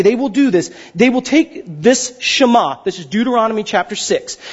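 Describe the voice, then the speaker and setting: A male pastor in his thirties preaching a sermon, talking fast and getting excited, often checking in with the crowd. His voice sits high and swings widely, with a slightly husky edge. The recording sounds dull and lo-fi.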